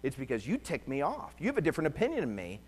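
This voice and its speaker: A man's voice: a little high, rapid-fire, slightly rough, big-room sound. A man preaching a conversational sermon, telling stories with humor and animation. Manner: animated, joking storyteller. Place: church.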